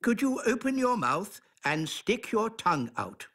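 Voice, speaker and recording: An actor playing a wise old male elf who is also a doctor, calm and matter-of-fact. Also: high voice, a little slow, heavily acted. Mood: dry.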